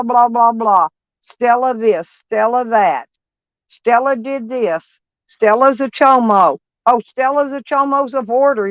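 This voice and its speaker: A woman's voice: a little high, dry recording. Blunt drawling woman. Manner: blunt, drawling, repeats herself. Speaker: van life vlogger. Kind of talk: casual live-stream chat. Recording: dull lo-fi sound.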